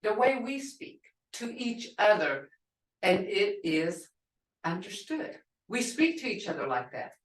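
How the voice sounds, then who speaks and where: Woman language teacher, slow and lively in pitch, echoey room off-mic. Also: recorded from a distance. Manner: slow, halting, explains with examples. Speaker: language instructor. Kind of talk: online language class. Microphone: video call.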